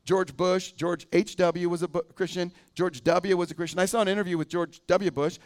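High-voiced pastor preaching conversationally. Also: male voice, fairly even intonation, brisk. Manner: conversational, asks the congregation questions. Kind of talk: sermon.

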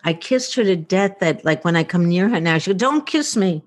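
A futurist woman, interviewed casually, tells personal stories briskly in a voice on the low side. She acts out the dialogue and peppers her speech with fillers. The recording is dry.

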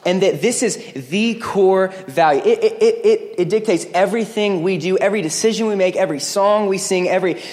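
A man preaching a lively sermon as pastor, joking with the congregation. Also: sits high, brisk. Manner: energetic, joking, acts out quoted voices. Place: church sanctuary. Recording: long hall reverb.

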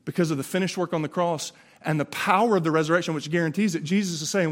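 A man's voice: a little high, fast talker. A man with a Southern US accent preaching an Easter sermon, impassioned and conversational, often restarting his words. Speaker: pastor.

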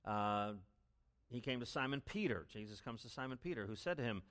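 A man's voice: animated, fairly quick. Emphatic male pastor preaching. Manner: emphatic, swings between loud stresses and low asides. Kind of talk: expository sermon.

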